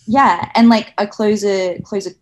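A woman chatting casually in a relaxed way, sharing her own experiences with frequent fillers. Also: mid-range voice, measured pace. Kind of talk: casual chat.

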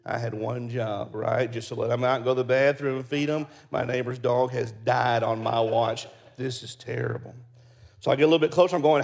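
Gravelly pastor telling a story. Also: male voice, mid-range voice, steady tone, a little fast. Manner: folksy storyteller, soft and prayerful at close. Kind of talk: sermon with storytelling.

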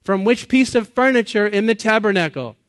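Addressing a live audience in a church or meeting hall, a pastor in his late thirties preaches with a high-pitched, expressive, fairly quick voice of fairly bright tone. Earnest and conversational, he laughs at himself and questions his listeners, in studio-quality sound with no room sound.

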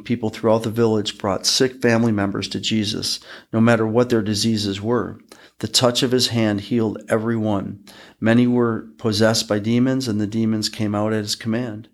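Low, gravelly man reading scripture. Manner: measured, even reading pace. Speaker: podcast host reading scripture.

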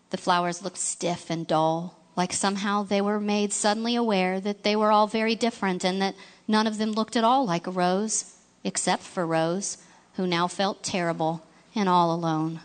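Lady reading a storybook aloud, gentle, expressive, mid pitch. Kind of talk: scripted storybook narration.

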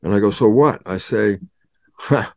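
A man's voice: lowish voice, a little slow, creaky, a little mellow, no room sound. Older male guest, dramatic explainer who acts out his own conversations, dry mic. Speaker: guest scientist. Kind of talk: animated storytelling explanation.

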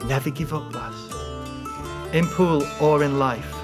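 A man voicing a gentle, calm little old man with a soft Cumbrian accent. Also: fairly high pitch, a little slow, over loud music, close to an everyday voice.

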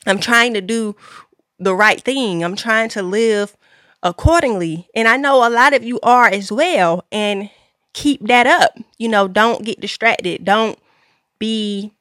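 A woman's voice: fairly high pitch, slow, a bit bright, no echo, studio quality. A woman podcast host, giving an earnest faith-based talk to her listeners, repeating key lines with preacher-like emphasis.

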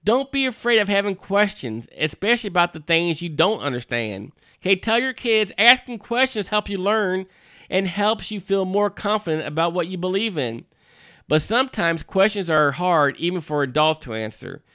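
A man's voice: sits high, big pitch swings, normal speed, pushed and bright, no room sound, studio quality. A man who is a minister, giving a folksy devotional talk to parents in a conversational way, with frequent asides and restarts.

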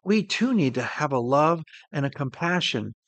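With lively intonation and a moderate pace, the same earnest preacher speaks in a somewhat high voice. His delivery rises on the key points and falls to a gentle hush, and the close, dry sound carries no echo at all.

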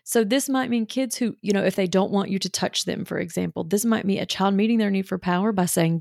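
A woman coaching other mothers in a relaxed, chatty way, stacking up everyday examples and slipping in quick impressions of kids and moms. Her mid-range voice has a gravelly, fried edge. The sound is close and dry, with no room around it. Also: medium pitch, no echo. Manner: chatty, full of examples, frequent "you know" fillers; acts out what a child or mother might say. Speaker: parenting mentor for mothers. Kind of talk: casual teaching talk.

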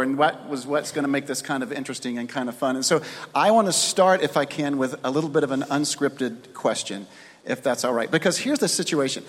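A man hosting a church panel, asking rambling, casual questions. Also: on the high side. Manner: chatty, rambling setup questions. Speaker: host interviewing pastors' wives at church. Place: church hall. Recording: echoey hall.

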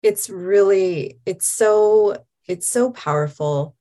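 A woman's voice: mid-range voice, slow, dark tone. A woman guest, a hypnotist, speaking in an earnest, enthusiastic and reflective way. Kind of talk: casual chat.

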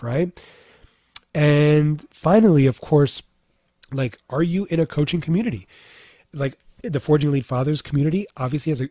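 A man's voice: medium pitch, dark tone, no room sound, clean studio sound. A man in his thirties, a fitness coach for dads, giving a casual motivational talk, talking in a chatty way full of "like" and "right?".

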